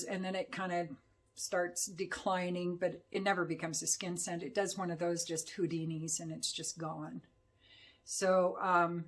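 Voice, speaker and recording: A woman giving a casual, rambling perfume review, talking with many fillers. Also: on the low side. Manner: chatty, rambling, full of fillers.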